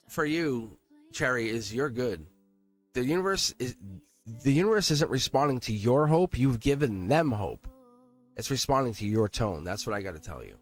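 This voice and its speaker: Earnest man giving a tarot reading. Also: mid-range voice. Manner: earnest, emphatic, repeats himself for emphasis. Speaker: tarot reader. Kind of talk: live-streamed tarot reading.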